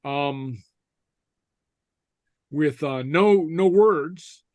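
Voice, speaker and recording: A man's voice: a little high, very slow, a little mellow, dry recording. A man teaching an online language class, patiently modelling words for students to repeat, with many fillers. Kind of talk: online class, drilling vocabulary. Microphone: computer mic on a video call.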